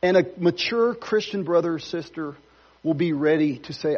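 A man's voice: on the high side, normal speed, darkish tone, dull audio. A man pastor preaching a sermon in a church, conversational with playful asides. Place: church sanctuary.

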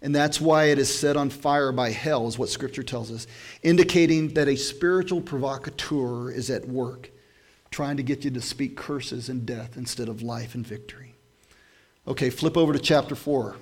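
A man's voice: mid-range voice, normal speed. A man preaching a conversational sermon, moving between casual storytelling and emphatic scripture reading. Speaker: pastor.

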